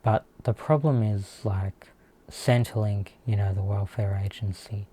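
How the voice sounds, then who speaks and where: A man's voice: fairly low pitch, steady tone, a little slow, mellow, husky. A man with an Australian accent talking through his work troubles in a casual vlog monologue, hesitant and full of fillers, sounding aggrieved. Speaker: vlogger.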